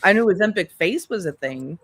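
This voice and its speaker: A woman's voice: mid-range voice, animated, fairly quick, a bit bright, breathy edge, dry recording. A woman co-hosting a casual gossip livestream, giggly and mocking, who likes doing voices. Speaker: livestream co-host.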